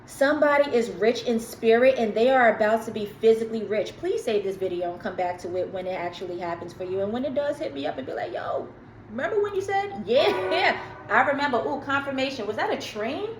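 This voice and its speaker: A fairly high-voiced woman talks through a tarot reading in a chatty, emphatic way, dropping slang and asides to her viewers. Her voice bounces around a roomy space. A faint hiss sits underneath it. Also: fast talker, few pauses, a little mellow. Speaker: tarot reader. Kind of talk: casual tarot reading to camera.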